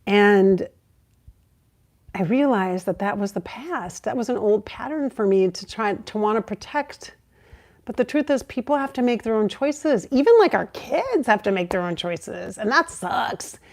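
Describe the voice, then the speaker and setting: Middle-aged woman, psychic vlog host, creaky voice, emphatic and blunt with casual swearing. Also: lively intonation, a little slow. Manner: emphatic, swearing, rising to high exclaims when reenacting. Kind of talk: casual spiritual vlog talk.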